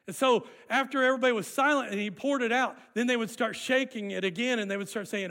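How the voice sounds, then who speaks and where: Male preacher, bright high voice, lively, gets the congregation to join in. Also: fast talker, few pauses. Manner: animated, leads congregation in call-and-response. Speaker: pastor. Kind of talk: sermon.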